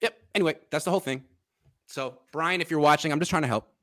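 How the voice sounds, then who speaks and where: A man's voice: on the high side, quick pace, a bit bright. A man hosting a casual sports podcast, animatedly breaking down football film and chatting with his father. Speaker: podcast host.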